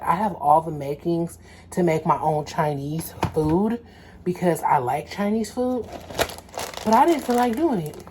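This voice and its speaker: A young adult woman from Los Angeles, vlogging casually and telling stories in a lively, slangy way, acting out quotes. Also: sits low, a little hiss or hum. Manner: animated, slangy storytelling with acted-out quotes. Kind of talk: casual storytelling vlog.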